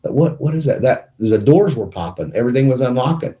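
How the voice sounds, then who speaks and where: A middle-aged man telling his own life story in a studio conversation, emotional and animated as he acts out what people said. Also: mid-range voice, fast, dull audio. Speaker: guest telling his testimony. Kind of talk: conversational testimony. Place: small media studio. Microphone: studio microphone.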